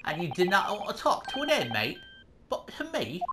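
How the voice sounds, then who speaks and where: Man doing a gruff Scottish governor, strained high voice, lively swings, game music. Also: normal speed, background noise. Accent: attempted Scottish. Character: gruff middle-aged male Scottish prison governor, hostile and suspicious.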